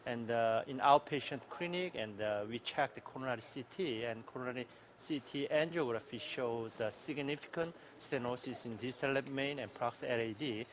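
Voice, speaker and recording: A male doctor recites a patient case item by item, pausing often with fillers between findings. His voice is at an ordinary middle pitch, with a faint hiss of room noise behind it. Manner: halting, list-like recitation of findings. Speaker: doctor presenting patient history. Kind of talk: case presentation.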